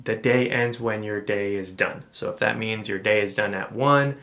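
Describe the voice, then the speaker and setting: A man co-hosting a podcast, telling a personal story in a relaxed, rambling way with many fillers and restarts. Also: lowish voice, normal speed. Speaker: podcast co-host. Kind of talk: casual storytelling chat.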